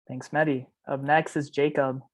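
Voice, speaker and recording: A game host introducing contestants one by one in a steady announcing manner. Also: mid-range voice, moderate pace.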